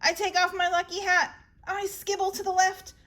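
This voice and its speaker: A woman reading a children's bedtime story aloud, animated and playful, with big jumps in voice as she voices the characters. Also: very high-pitched, normal speed.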